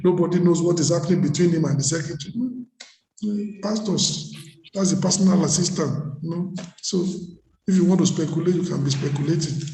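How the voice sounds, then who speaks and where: Male pastor, high mellow voice, storytelling sermon with repeated phrases, recorded in a reverberant hall. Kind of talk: sermon at leadership workshop. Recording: echoey hall.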